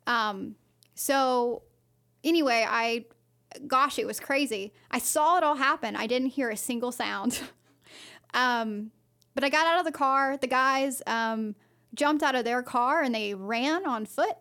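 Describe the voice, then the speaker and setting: A woman with a somewhat high voice tells a personal story in a loose, chatty way. She circles back and restarts her sentences, padding them with fillers as she chats on a podcast. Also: a little slow, pushed and bright. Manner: rambling, full of fillers and restarts. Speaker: podcast co-host. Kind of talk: casual storytelling.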